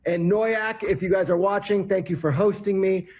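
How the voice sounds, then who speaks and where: A man hosting a podcast, chatting casually and telling stories with upbeat shout-outs before signing off. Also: sits high, steady tone, normal speed, breathy edge. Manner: chatty, storytelling, upbeat plugs. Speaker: podcast host. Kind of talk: casual podcast chat and sign-off.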